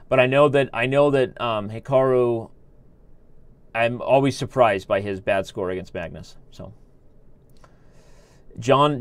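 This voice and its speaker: A man's voice: mid-range voice, clear, resonant tone, no echo. A man hosting a live chess stream, rambling and joking as he reads viewers' chat aloud. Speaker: chess streamer and show host.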